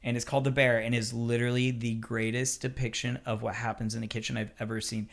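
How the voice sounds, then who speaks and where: Swearing chef man, animated storyteller. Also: mid-range voice, fast, gravelly. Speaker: chef, podcast guest. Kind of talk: casual podcast chat.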